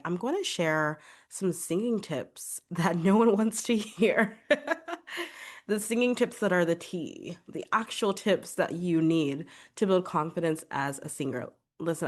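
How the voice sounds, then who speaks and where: A young woman hosting her singing podcast, chatty and upbeat, a little congested from a cold. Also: low voice. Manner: chatty, upbeat, many filler "like"s. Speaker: podcast host and vocal coach. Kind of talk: casual solo podcast talk.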